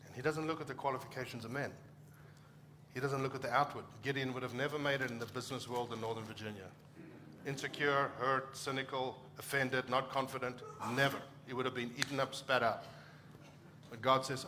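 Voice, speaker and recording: A man's voice: medium pitch, fairly even intonation, fairly quick, bright, forceful tone, slight background noise. A middle-aged man from Africa, a pastor preaching a conversational sermon and acting out short quoted exchanges.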